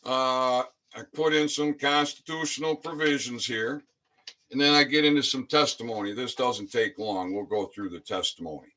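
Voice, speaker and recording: Emphatic man with a bright voice. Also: medium pitch. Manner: emphatic and repetitive, with frequent "all right?" and "right?"; slows down to stress key phrases. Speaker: citizen activist explaining his court filing. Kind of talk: casual explanatory vlog, reading documents aloud.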